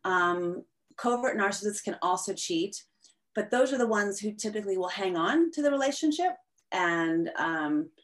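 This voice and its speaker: A woman guest in a conversational interview, explaining at length in an animated way with frequent fillers. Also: mid-range voice, moderate pace.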